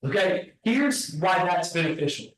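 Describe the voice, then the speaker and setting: A man's voice: sits high, moderate pace. A man with a weakened voice leading a team meeting, talking casually and asking the room questions. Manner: relaxed, conversational, asks the room questions. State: weak voice. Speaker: team leader presenting at an office meeting. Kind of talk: meeting presentation. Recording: very echoey room, distant mic.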